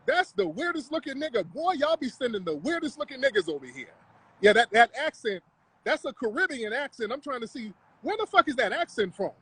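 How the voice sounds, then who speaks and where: A man's voice: very high voice, sing-song, fairly quick, fairly bright tone, slightly rough, rough recording. A man hosting a livestream, talking in a confrontational, mocking, profane rant. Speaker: livestream host. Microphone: live stream mic.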